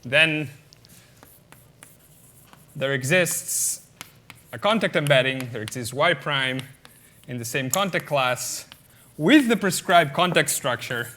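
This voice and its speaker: A man's voice: on the high side, lively intonation, slow pace, long pauses, bright, forceful tone. A man giving a mathematics lecture at a conference, explaining step by step with many fillers and often checking the audience with "okay?".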